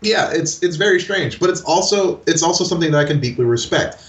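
A man co-hosting a casual chat about a cartoon, animated, often laughing and restarting his words. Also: fairly high pitch, quick pace, echoey room, recorded from a distance. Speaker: podcast co-host.

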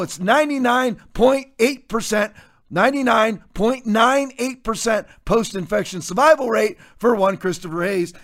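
A man's voice: high-pitched, a bit bright. A man hosting a political commentary show, talking in an emphatic, mocking way with folksy asides. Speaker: host.

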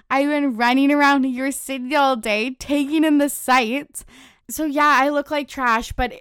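A woman's voice: high voice, steady tone, a little slow, fairly bright tone, no echo, clean studio sound. A young adult woman hosting a podcast in casual chat, laughing often and swearing freely. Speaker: podcast host.

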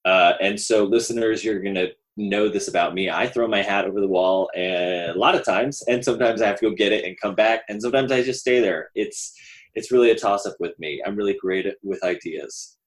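A man's voice: fairly low pitch, a little fast. A nasal-voiced man from the American South, a podcast guest chatting in a rambling, enthusiastic way into a close mic. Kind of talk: casual podcast conversation.

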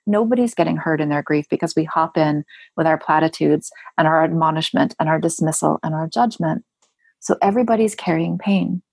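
Husky, emphatic woman guest speaking earnestly. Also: fairly quick, a little mellow, dry recording. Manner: earnest, emphatic, rhetorical, jumps high for inner-voice asides. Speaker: grief writer and guest. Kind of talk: podcast interview talk.

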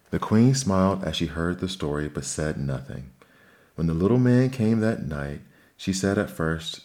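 A man reading fairy tales aloud in steady, measured storybook narration. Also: low-pitched. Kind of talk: fairy tale read-aloud.

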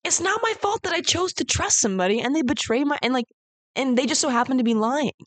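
Young woman podcaster rambling candidly, kinda high voice, super dry close sound. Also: expressive, fast, no echo. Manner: candid, rambling, heavy use of "like". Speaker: podcast host. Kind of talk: casual personal storytelling.

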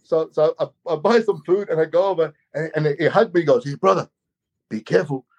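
A man from Australia telling a long travel story in a casual, animated way, often repeating his words as he goes. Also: fairly high pitch, fairly quick, muffled recording. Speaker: guest storyteller.

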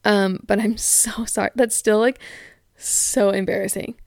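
Chatty young woman with a gravelly edge. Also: mid-range voice, flat delivery, unhurried, a little mellow, no room sound, clean studio sound. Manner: chatty, frequent "like" fillers, candid. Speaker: podcast host. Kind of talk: casual chat reading listener stories.

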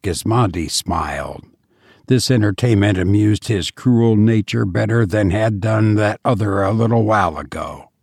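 A man reading a historical adventure audiobook in a measured, dramatic narration style. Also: on the low side, creaky, a little mellow, husky, no echo, clean studio sound. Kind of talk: scripted narration.

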